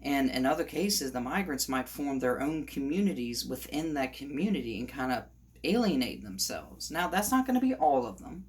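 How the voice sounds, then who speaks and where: A man giving a heated opinion monologue on his vlog, ranting and sometimes rising to shouts. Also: medium pitch, big pitch swings, moderate pace. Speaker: commentator.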